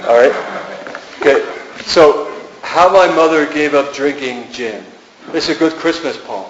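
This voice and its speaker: A man's voice: on the high side, measured pace, background noise. A man poet giving a sing-song reading of rhyming verse at a gallery. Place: art gallery. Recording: roomy, dull gallery recording.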